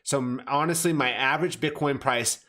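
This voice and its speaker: A man with a medium-pitched, slightly bright voice talks a little fast, offering blunt, casual commentary on crypto charts. He swears, calls his viewers "fam," and keeps correcting himself, often restarting phrases mid-sentence.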